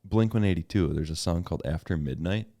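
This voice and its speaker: A man's voice: low-pitched, quick pace, mellow, no room sound, clean studio sound. A young man from Wisconsin co-hosting a podcast, chatting casually and joking, saying "dude" a lot. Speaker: podcast co-host. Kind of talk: casual chat.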